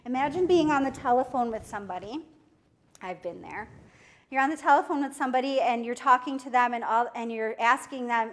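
A middle-aged woman preaching a sermon in a lively way, laughing often and acting out what people say. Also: on the high side. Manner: lively, laughs often, acts out quoted speech.

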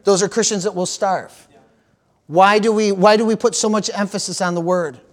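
A man's voice: high voice, fairly even intonation, moderate pace. A man preaching a sermon as pastor, calling out for amens and repeating key phrases for emphasis.

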